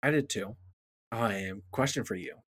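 A man's voice: lowish voice, a little slow, husky, no room sound, studio quality. A man co-hosting a casual podcast chat about a fantasy show, easygoing and thinking aloud with chuckles. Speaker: podcast co-host.

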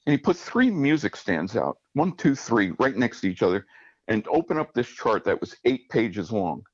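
A man's voice: on the low side, very animated, normal speed, slightly rough, no echo, lo-fi sound. A man speaking as an interview guest, telling a story with lots of fillers and restarts while he searches for words. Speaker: guest, arranger and musician.

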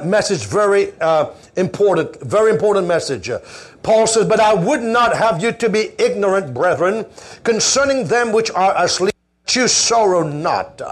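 A man preaching a fervent sermon, leading the congregation in call-and-response. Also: sits high. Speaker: pastor.

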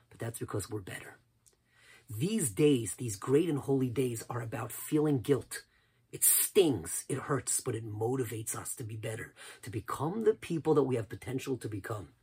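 A rabbi giving an impassioned sermon, swinging from loud cries down to near whispers. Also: male voice, medium pitch, slightly rough.

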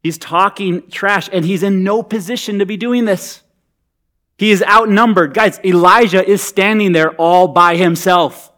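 A man's voice: high voice, a little slow, a bit bright. A man preaching a sermon in a conversational, humorous, emphatic way. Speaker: pastor.

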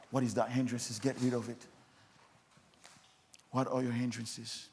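A man's voice: medium pitch, flat delivery, a little slow, darkish tone, a little hiss or hum. A man preaching a sermon as pastor, repeating insistent questions to the congregation.

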